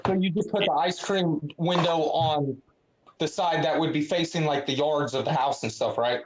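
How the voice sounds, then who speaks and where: A man's voice: fairly high pitch, fairly even intonation, moderate pace, background noise. A man in casual livestream chat, thinking aloud in a musing, conversational way.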